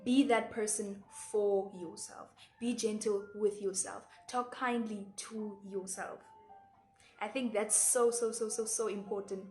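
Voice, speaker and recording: A woman's voice: medium pitch, steady tone, unhurried, darkish tone. A woman in her twenties with a South African Xhosa accent, giving earnest, reflective life advice to camera in a casual vlog, often repeating words and slipping into Xhosa phrases. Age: 20s. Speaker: vlogger. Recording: echoey room with faint background music.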